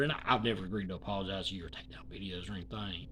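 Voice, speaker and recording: A YouTuber, rambling through an indignant opinion commentary and swinging between loud and hushed talk. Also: sits low, very fast.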